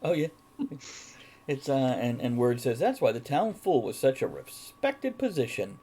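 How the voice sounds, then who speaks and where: Male stream host, lively swooping delivery, reads chat and laughs a lot. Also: mid-range voice, measured pace, husky. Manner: reads chat comments aloud, chuckles often. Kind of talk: live-streamed casual chat.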